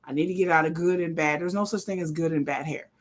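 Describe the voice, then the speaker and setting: A woman, hosting a live watch party with blunt, profane, animated casual commentary. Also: low-pitched, fast talker. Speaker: live-stream host.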